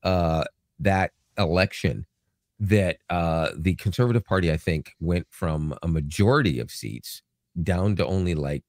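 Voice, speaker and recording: A man's voice: deep voice, a little slow, no room sound, clean studio sound. A Canadian man co-hosting a podcast, chatting casually with jokes and rambling asides. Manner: rambling, joking, animated storytelling. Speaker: podcast co-host. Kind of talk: casual chat.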